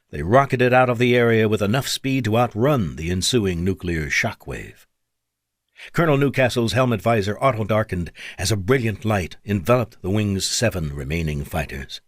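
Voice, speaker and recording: Male audiobook narrator, low voice, very animated delivery, dry close recording. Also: no room sound. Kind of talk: scripted narration.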